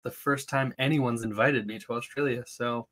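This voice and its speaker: A man co-hosting a book podcast, laid-back and quick to laugh, giving short replies, recorded in a small closet. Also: medium pitch, steady tone, fairly bright tone. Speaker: podcast co-host. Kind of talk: casual podcast chat.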